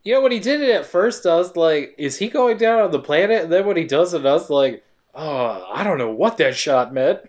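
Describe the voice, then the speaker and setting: A co-host walking through a film plot in relaxed podcast chat, at a middle pitch. The delivery is sarcastic and playful, with characters' lines acted out along the way. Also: a little fast. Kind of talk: casual movie recap narration.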